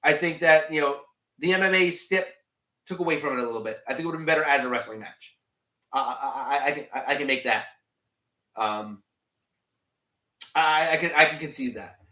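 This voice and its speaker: Rambling man with a higher voice. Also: a little fast, pauses often, bright, forceful tone, echoey room. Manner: rambling, many restarts and fillers, reads chat questions aloud. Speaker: live stream host. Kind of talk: casual live stream chat.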